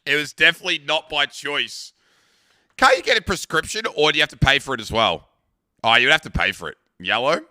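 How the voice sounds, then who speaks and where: A man's voice: fairly high pitch, lively intonation, brisk, sharp tone, no echo, studio quality. An Australian man in his thirties, chatting casually with stream viewers and rambling through crude stories, swearing freely. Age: 30s. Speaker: live streamer.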